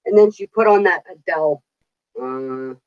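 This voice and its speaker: A woman's voice: deep voice, lively intonation, moderate pace, dull audio. A middle-aged woman telling stories in casual chat, chatty, laughing often and swearing casually. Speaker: vlogger.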